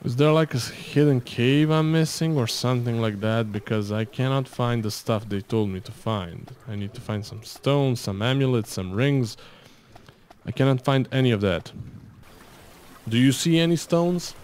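A man's voice: medium pitch, normal speed, darkish tone, a little hiss or hum. A man commentating his gameplay, rambling and joking in asides to the viewer. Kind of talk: let's-play game commentary.

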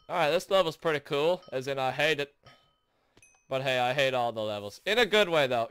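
A young man hosting a gaming video, commentating his own play in frustration, shouting and groaning between sarcastic mutters. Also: medium pitch, animated, fairly quick, smooth, no echo. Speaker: gaming channel host. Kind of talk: raging let's play commentary.

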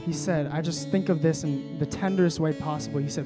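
Young man preaching over soft guitar. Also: a little high, fairly even intonation, brisk, few pauses. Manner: swings from soft reading to loud emphatic preaching; casual, many fillers when telling stories. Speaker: young adults pastor. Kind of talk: sermon.

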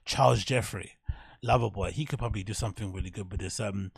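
A man hosting a fashion podcast, thinking out loud in a casual monologue, swearing freely and trailing off. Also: lowish voice, quick pace, vocal fry, breathy edge, dry recording, studio quality.

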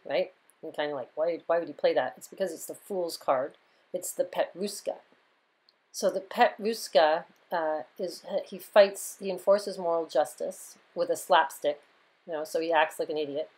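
A woman's voice: lowish voice, rough recording. A woman hosting her own astrology and tarot channel, talking casually and loosely to her viewers, with frequent "right?" and "you know" asides.

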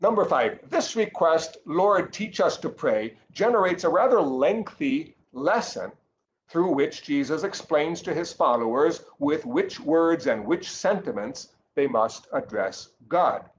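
A man giving a catechesis lesson in an earnest, explanatory way, pausing and restarting often as he thinks aloud. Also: a little high, animated, slight background noise, rough recording. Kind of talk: catechesis teaching.

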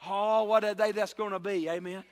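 Pastor, high and bright, fiery delivery with shouts and amen calls; long church reverb. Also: male voice, steady tone, moderate pace. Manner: impassioned, rises to shouts and drops low, calls for amen. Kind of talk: sermon. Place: church sanctuary.

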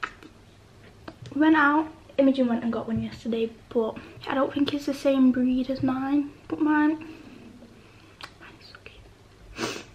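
A woman chatting excitedly in a casual home vlog, cooing softly at times, indoors at home. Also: high-pitched, moderate pace, lo-fi sound, slight background noise. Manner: chatty and excitable, coos softly to her pet.

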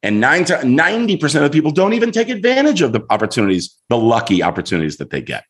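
A middle-aged man, a guest on a show, telling a story in an animated way and acting out voices as he goes. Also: medium pitch, fast talker. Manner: lively, acts out voices in his story.

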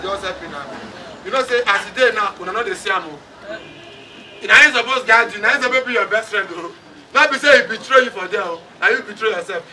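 A man with a Nigerian accent and a high, bright, forceful voice preaches a funeral sermon, blending English with Pidgin and calling for the congregation to respond. The mic is distant, picking up the crowd and noise.

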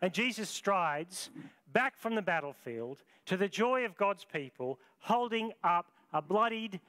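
A man in his fifties delivers a sermon from the pulpit. He tells the story slowly and dramatically, pausing often. His voice sits a little high for a man. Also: expressive, fairly bright tone. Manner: dramatic, slow deliberate storytelling with long pauses. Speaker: pastor.

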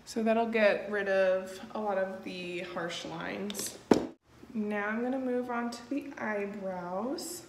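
A woman's voice: medium pitch, steady tone, slow. Chatty woman in an echoey room. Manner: chatty and easygoing, with frequent "um" fillers. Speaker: makeup tutorial host. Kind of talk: casual step-by-step tutorial. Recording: echoey room with faint noise.

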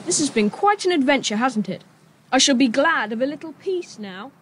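Julian, a calm boy. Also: high voice, moderate pace. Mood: amused. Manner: calm, reassuring, gently teasing. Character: sensible boy Julian, leader of the group. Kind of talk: audio drama acting.

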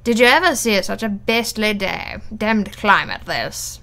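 Lady reading as a drawling lazy fop gentleman, slow and languid. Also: medium pitch, lively intonation.

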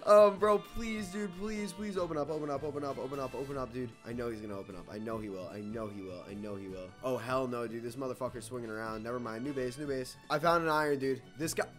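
A young man giving excitable live commentary over his own gameplay, swearing and repeating himself as he pleads with the game. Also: medium pitch, quick pace, hardly any pauses, faint music behind. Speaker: gaming YouTuber.

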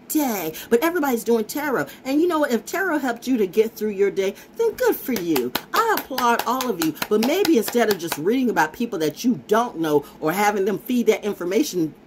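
A woman's voice: mid-range voice, noisy background. A woman vlogger talking in a brash, profane, rambling monologue that keeps circling back and repeating its phrases. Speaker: vlogger and self-styled oracle.

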